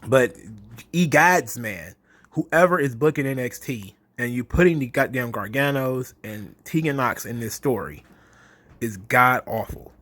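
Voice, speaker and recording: A man's voice: mid-range voice, measured pace, a bit bright, no echo. A man ranting in a mocking, exasperated, profane monologue about wrestling. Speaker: wrestling commentary host.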